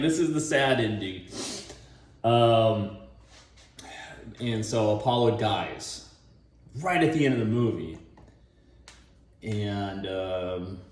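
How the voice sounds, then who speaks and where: A man hosting a casual, rambling monologue. He chuckles often and acts out scenes in voices as he pitches a movie idea. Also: a little mellow, reverberant. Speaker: online video host.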